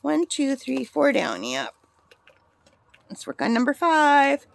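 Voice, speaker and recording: A woman's voice: sits high, sing-song, slow pace, vocal fry. A middle-aged woman talking casually and rambling as she works on a craft vlog, laughing often. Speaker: craft vlogger.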